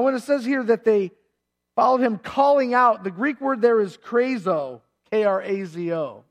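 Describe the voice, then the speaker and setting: A middle-aged man with a fairly high voice preaches to a congregation. He retells the story in an animated, conversational way and now and then acts out the shouts and lines of the people in it. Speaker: pastor. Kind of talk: sermon.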